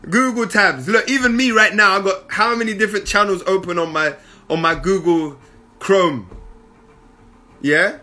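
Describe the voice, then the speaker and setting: A young man gives a casual motivational monologue, slangy and animated, full of asides. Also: high voice.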